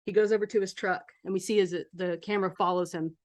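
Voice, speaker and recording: A woman's voice: on the low side, steady tone, fast talker, a little mellow. Woman running a tabletop horror game. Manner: casual, cinematic scene-setting with fillers. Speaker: game master.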